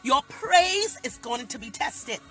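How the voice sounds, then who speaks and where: A pastor preaches live into a phone. The voice sits high and sounds bright and forceful. The delivery is emphatic and full of repeated lines, with faint music underneath. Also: big pitch swings, slow. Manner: emphatic, repetitive, dialect-heavy preaching. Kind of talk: impassioned preaching on a phone livestream. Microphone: phone livestream.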